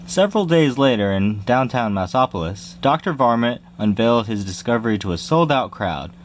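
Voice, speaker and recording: A man reading a children's picture book aloud in a lively storytelling manner, jumping high for squeaky cries. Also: moderate pace, few pauses, slight background noise. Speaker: reader.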